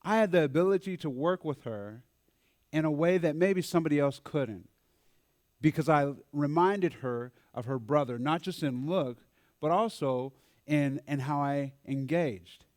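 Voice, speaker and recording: A man giving a storytelling talk at a church mental health forum, animated and acting out the voices of people he quotes. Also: fairly high pitch, unhurried, no echo, studio quality.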